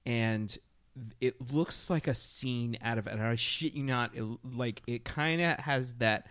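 A man's voice: medium pitch, measured pace, fairly bright tone, smooth, no room sound. Male co-host, casual and profane, mid-range voice, dry mic. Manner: profane, loose storytelling with many fillers. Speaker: podcast co-host. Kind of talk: casual chat.

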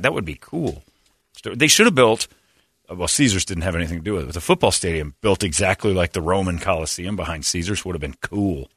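A man hosting a show, bantering casually in a blunt, opinionated way and quick to complain. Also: deep voice, sharp tone, slightly rough, no echo, clean studio sound. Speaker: radio show host.

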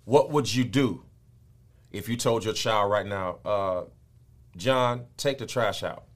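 A man preaching a sermon, moving from low, quiet explaining to high, loud, shouted peaks. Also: slow.

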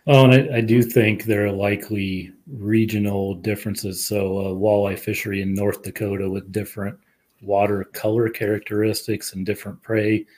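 Fish biologist guy, lowish voice, walks through the science calm and steady. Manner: measured, explanatory. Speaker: fisheries administrator, guest. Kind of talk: casual chat.

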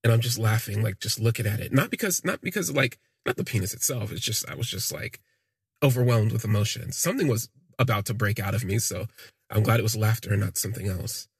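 A man with a deep-leaning, very husky voice and a gravelly edge recounts his own story in the first person. He speaks in a halting, reflective way, trailing off and circling back. The sound is close and dry. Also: expressive, dry recording. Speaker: podcast storyteller.

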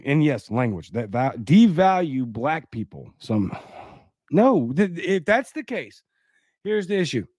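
A man's voice: a little high, a little mellow, no room sound. A man hosting a commentary podcast, reading an article aloud and breaking off into sarcastic, indignant asides. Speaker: podcast host.

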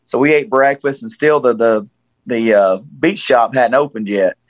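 A man's voice: medium pitch, unhurried, dry recording, rough recording. A man in his forties from Tennessee with a Southern accent, telling a story in casual chat and acting out the voices he quotes. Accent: Southern American. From Tennessee, USA.

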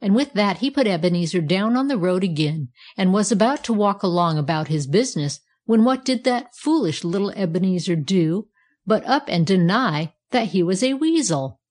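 A woman narrating a children's storybook in a clear, measured way. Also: mid-range voice, lively intonation, a little mellow. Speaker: reader.

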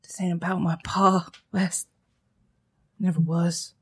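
A player voicing Jack, a quiet, troubled young frontier man with a weary drawl. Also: mid-range voice, little pitch movement, moderate pace, close to an everyday voice. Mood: despairing.

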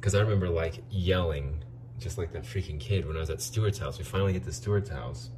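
A man with a very low voice telling a long personal story in loose, casual chat. He rambles, swears freely and acts out what others said. Faint noise sits under the recording. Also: fairly quick.

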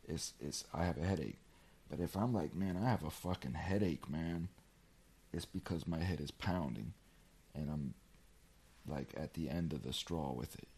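A man's voice: rumbling low, moderate pace, a little mellow, slightly rough. A man co-hosting a podcast, talking earnestly and emphatically in casual chat, often repeating a word as he restarts.

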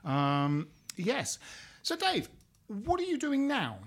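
A man's voice: sits high, wildly swooping pitch, slow pace, vocal fry. A man hosting a football podcast, jokey and rambling with lots of fillers. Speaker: podcast host. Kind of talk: casual chat.

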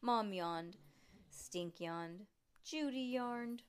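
A woman reading a children's book aloud at home, voicing the characters in a lively way and stopping to chat and laugh with a child. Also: mid-range voice, extremely slow, clear, resonant tone. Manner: lively, voices the characters, chats and laughs between passages. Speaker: reader.

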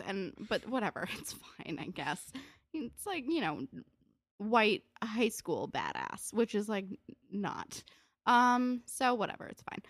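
Woman, casual co-host, sarcastic chatty recap, plain pitch, dry sound. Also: wildly swooping pitch, measured pace, no room sound. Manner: chatty, sarcastic, swears, lots of "like".

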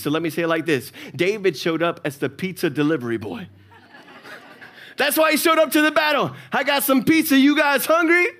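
A male pastor with a Southern US accent, preaching a sermon and acting out the characters in his stories. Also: fairly high pitch. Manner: animated storytelling, acts out characters.

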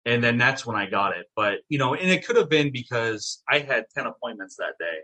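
Casting note: middle-aged man, bright husky voice, lively storyteller who swears freely. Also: mid-range voice, a little fast. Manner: animated, swearing, acts out quotes. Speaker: guest, town mayor. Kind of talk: casual storytelling.

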